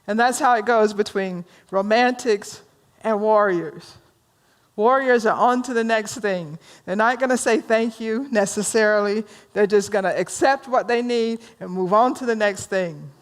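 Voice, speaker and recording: A woman minister leading a workshop. She tells stories in an animated way, laughs easily and asks the audience questions. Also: mid-range voice, unhurried. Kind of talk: storytelling workshop talk.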